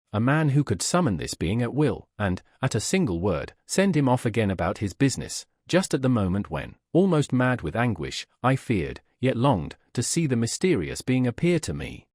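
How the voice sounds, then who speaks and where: A man narrating a classic story in an audiobook style, his husky voice rising and falling with lively expression. The sound is close and dry, with no room echo. He reads with clear, storytelling care. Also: mid-range voice. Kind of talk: scripted narration of a classic tale.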